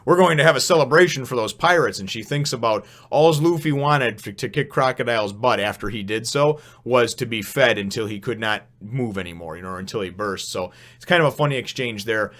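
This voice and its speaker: A man's voice: lowish voice, fairly quick, few pauses, a bit bright. A man casually reviewing a comic chapter, rambling with many fillers and frequent chuckles. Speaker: manga review host.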